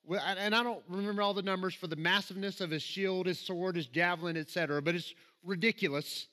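Bright-voiced Southern preacher. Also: male voice, high-pitched, fairly even intonation, fast. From Alabama, US. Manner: conversational and self-deprecating, rising to emphatic reading. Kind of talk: sermon. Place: church sanctuary.

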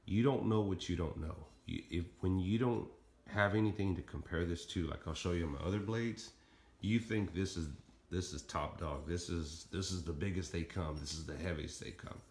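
A man's voice: deep voice, darkish tone. A middle-aged man casually showing and reviewing his throwing knives, rambling with lots of ums. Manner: rambling, many ums, talks fast and plainly. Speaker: knife-throwing hobbyist reviewing his blades. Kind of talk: casual show-and-tell vlog. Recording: echoey room with faint noise.

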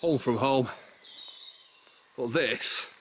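A man's voice: medium pitch, extremely slow, slight background noise. A man vlogging casually outdoors on a rural hillside, out of breath and chatty, breaking off and rambling as he goes. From England. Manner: chatty, rambling, self-interrupting. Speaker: wild camping vlogger.

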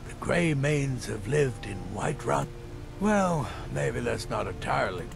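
A man's voice: mid-range voice, expressive, measured pace. An actor playing a proud aging male Nord clansman in video game dialogue, earnest and tradition-bound. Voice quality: gravelly. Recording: game audio over loud music.

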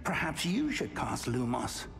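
An older wizard professor in a fantasy game, high-pitched for a man and measured in delivery. He guides a student with calm, patient instruction, faint game music underneath. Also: heavily acted. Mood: calm guidance. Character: elderly male wizard professor, calm and guiding. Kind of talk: video game voice acting.

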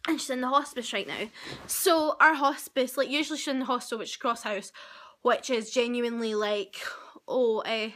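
A young woman, telling stories in an animated, gossipy way while vlogging at home into a handheld camera. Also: on the high side, normal speed. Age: young adult. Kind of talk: casual chatty vlog. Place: at home, indoors.

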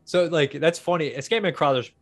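A man's voice: fairly high pitch, moderate pace, faint music behind. A man hosting a podcast, chatting about horror films in a laid-back, profane way and laughing often. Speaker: podcast host. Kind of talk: casual horror film chat.

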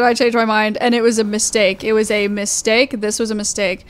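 A woman's voice: a little high, little pitch movement, fast, creaky. Anxious young woman streaming a shooter. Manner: anxious, repetitive, talking to chat while playing. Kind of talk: live gaming commentary.

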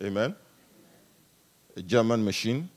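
This pastor's voice sits on the low side and he takes his time. He preaches with animation and humor at a church service, alternating hushed asides with loud stretches.

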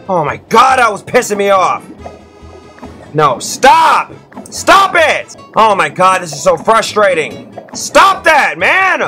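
A man giving excitable, slangy let's-play commentary to his viewers as a YouTube gamer. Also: high voice, slow, husky, faint music behind.

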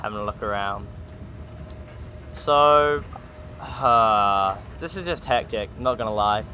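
A man's voice: fairly low pitch, takes it slowly, bright, forceful tone, highs cut off. A man hosting a gaming channel, giving joking, sarcastic let's play commentary. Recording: game sound noise behind the voice.

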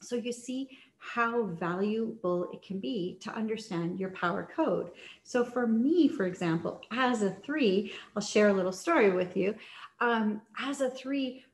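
A woman's voice: mid-range voice, lively intonation, unhurried. Chatty woman coach in an echoey room. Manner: chatty, many fillers and restarts. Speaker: sales coach. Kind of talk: casual teaching talk.

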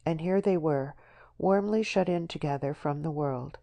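A woman narrating an audiobook novel in a measured, expressive storytelling manner. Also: deep voice, vocal fry. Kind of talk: scripted narration.

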